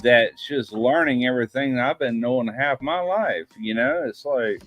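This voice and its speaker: A man's voice: medium pitch, moderate pace, fairly bright tone, dry recording, soft background music. A man hosting a casual live-stream chat, rambling in a folksy, plain-spoken way. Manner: rambling, folksy, drops "ain't". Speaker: host. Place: home studio live stream.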